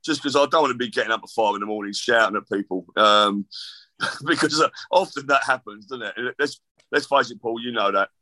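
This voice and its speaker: A man's voice: medium pitch, a little fast, sharp tone. A middle-aged man, a guest author rambling through casual chat with self-deprecating jokes.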